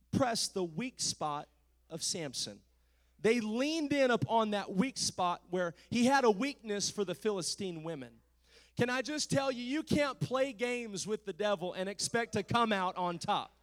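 A man preaching a sermon, retelling a story casually and then building to loud, shouted exhortation with "uh" between phrases. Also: high voice, moderate pace.

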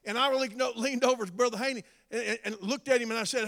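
A man preaching a sermon, moving from folksy storytelling to shouted, drawn-out exhortation. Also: very high-pitched, fairly even intonation. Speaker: former drug addict giving testimony.

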